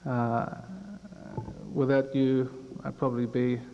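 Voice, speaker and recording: A man's voice: medium pitch, little pitch movement, measured pace, muffled recording, a little hiss or hum. A man with a New Zealand accent giving a tribute speech with dry, self-deprecating humour, recorded over an echoey hall sound system. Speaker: after-dinner speaker.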